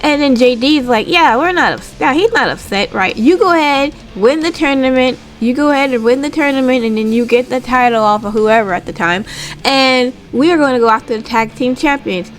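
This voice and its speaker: A woman casually recapping a wrestling show, retelling scenes with quick impressions and swearing freely. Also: sits high. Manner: animated, swears casually, laughs.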